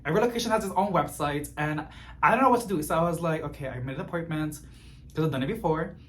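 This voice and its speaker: Expressive man venting a story. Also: on the high side, fast, a little hiss or hum. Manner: expressive, gets animated and exasperated while venting. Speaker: plant vlogger. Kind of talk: casual storytelling chat.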